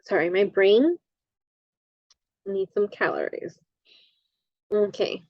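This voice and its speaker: A woman instructor giving a recorded lecture, halting often with fillers and correcting herself as she goes. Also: medium pitch, expressive, no room sound, lo-fi sound.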